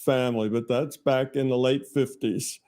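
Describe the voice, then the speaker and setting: A man's voice: medium pitch, steady tone, moderate pace, a little mellow. An older man answering as a guest in a casual chat, thoughtful and a little hesitant.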